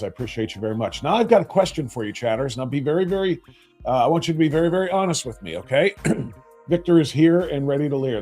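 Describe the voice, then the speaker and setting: A man's voice: mid-range voice, mellow. A man hosting a live talk show, chatting casually with his viewers and reading their comments aloud in a rambling, self-deprecating way.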